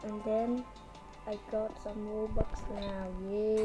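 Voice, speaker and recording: A woman giving rambling, excitable let's play commentary, shrieking when startled. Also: medium pitch, slow. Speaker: gamer. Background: game music.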